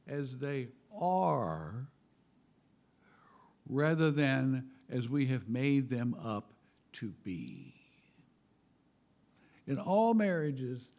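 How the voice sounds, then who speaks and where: A man giving a humorous spiritual talk in a wry, self-mocking way, halting and repeating words, with chuckles. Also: a little high, creaky, darkish tone. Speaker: spiritual speaker.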